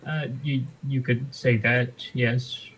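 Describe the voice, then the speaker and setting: A man's voice: medium pitch, steady tone, slow pace, fairly bright tone, husky, poor audio. A man playing a tabletop game, hesitant and full of uhs and ums. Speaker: player. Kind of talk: casual chat.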